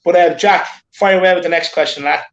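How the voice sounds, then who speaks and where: A man's voice: fairly high pitch, fairly even intonation, a little fast, echoey room, dull audio. A man hosting a casual livestream chat, upbeat and chatty, dropping slang. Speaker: host reading viewer messages.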